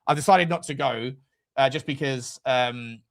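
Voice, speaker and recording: A man's voice: medium pitch, measured pace, vocal fry. A man hosting a fan live stream, reading out super chats in a rambling, sweary way that keeps going off on tangents. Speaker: fan channel host.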